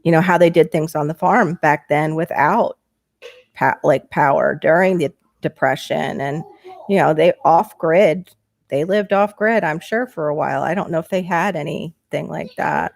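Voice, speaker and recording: A middle-aged woman hosting a casual livestream from home, reading chat aloud and chatting on a headset mic, laughing often as her voice jumps up when excited. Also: sits low, normal speed, gravelly, no room sound. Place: small home bedroom.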